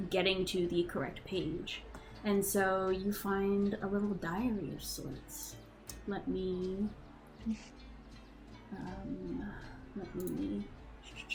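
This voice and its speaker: A woman narrating a tabletop game as game master, relaxed and hesitant with many fillers. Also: mid-range voice, low-quality recording.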